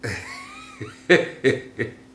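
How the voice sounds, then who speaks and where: A man telling a childhood story in a casual, animated way, laughing often and swearing freely. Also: sits high, extremely slow, soft background music. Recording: roomy echo with faint ambient noise.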